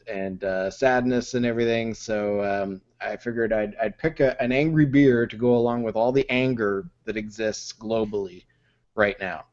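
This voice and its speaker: A man co-hosting a podcast, chatting casually over beer in a hesitant way with many pauses, on muffled lo-fi audio. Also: mid-range voice, darkish tone. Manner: hesitant, many ums and restarts. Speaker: podcast co-host.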